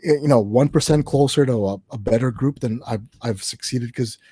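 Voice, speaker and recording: A man's voice: mid-range voice, dark tone, breathy edge, dry recording. A man from Canada, a guest instructor, chatting casually on a podcast and restarting his sentences. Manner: fast, repeats words while restarting sentences.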